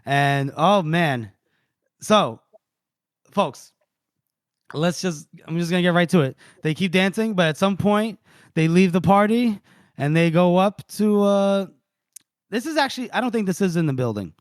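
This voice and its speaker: A man's voice: sits high, measured pace, pauses often, dry recording, studio quality. A man co-hosting a podcast, casually retelling book scenes with lots of laughter and quoted dialogue. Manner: animated storyteller, quotes characters, laughs often. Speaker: podcast co-host recapping a book.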